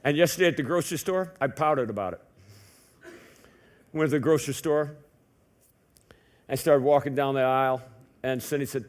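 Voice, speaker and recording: A man's voice: fairly high pitch, very animated, measured pace, pauses often, a bit bright. A male pastor preaching a sermon in a church in a conversational way, full of rhetorical questions and joking asides. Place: church sanctuary.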